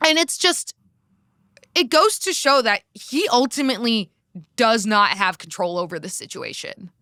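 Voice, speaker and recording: A woman's voice: fairly high pitch, animated, measured pace, sharp tone, dry recording, clean studio sound. A young American woman co-hosting a podcast, chatting candidly about politics and swearing freely. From United States. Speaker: podcast co-host. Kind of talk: casual political chat.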